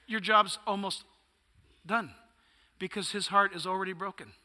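A man's voice: high voice, steady tone, moderate pace, sharp tone, big-room sound. A male pastor preaching a sermon, emphatic and punchy, firing off rhetorical questions.

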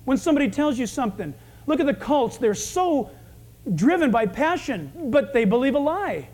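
Male pastor, very high voice, lively sermon delivery that acts out scenes. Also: normal speed. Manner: animated, acting out quotes.

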